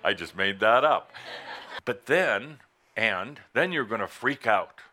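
Bright, forceful man teaching playfully. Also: fairly low pitch, animated. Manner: playful, teasing, swings between loud bursts and soft slow asides. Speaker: spiritual teacher. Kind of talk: live motivational talk to an audience.

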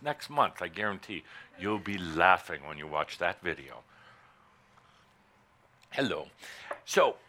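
A man giving a live spiritual talk to an audience, teasing and playful, swinging between loud bursts and soft, slow asides. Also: fairly low pitch. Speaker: spiritual teacher.

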